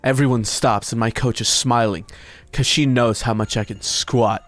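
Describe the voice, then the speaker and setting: A male streamer reading an internet story aloud to his chat, breaking off into high, disbelieving comments. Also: normal speed, faint music behind. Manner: animated, breaks into high-pitched disbelieving asides.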